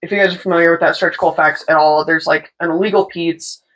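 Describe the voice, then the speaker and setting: A woman's voice: lowish voice, quick pace, rough recording. Young woman, tattoo artist, casual storytelling, swears a lot, mimics people. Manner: animated, swearing, mimics voices in her stories.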